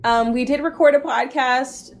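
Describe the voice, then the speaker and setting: A woman hosts a laid-back podcast chat with her friends. Her voice sits a bit high, and she talks bluntly between bursts of giggles. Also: steady tone, moderate pace, a little hiss or hum. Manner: giggly, self-conscious and blunt. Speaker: podcast host. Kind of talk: casual chat.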